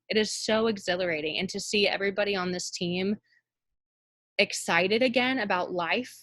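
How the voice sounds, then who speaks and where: A woman's voice: mid-range voice, fairly bright tone, dry recording. Emphatic woman on a team call. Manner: emphatic, repeats phrases for effect. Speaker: team leader. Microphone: call audio.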